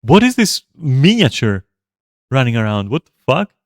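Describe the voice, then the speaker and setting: Male streamer, mid-pitched, rambling profane commentary, dry close sound. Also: very animated, normal speed, no echo. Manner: rambling, profane, with frequent fillers. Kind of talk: casual gameplay commentary.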